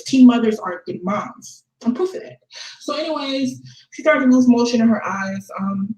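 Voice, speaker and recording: A woman's voice: fairly high pitch, moderate pace, a little mellow. Flippant teenage girl in an echoey room. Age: late teens. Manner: flippant, laughing between sentences. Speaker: vlogger. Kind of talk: casual confessional vlog.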